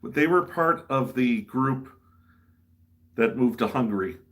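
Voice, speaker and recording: A man from the American Midwest hosts a livestream while he builds a model, chatting in a rambling, self-mocking way. His medium-pitched voice is animated and a bit bright, with a measured pace.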